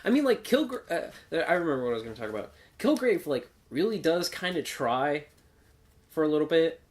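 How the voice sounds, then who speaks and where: Brief: male podcast co-host, lively swooping voice, loose and profane, quick to laugh. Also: on the high side. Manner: profane, rambling, giggly. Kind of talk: casual chat.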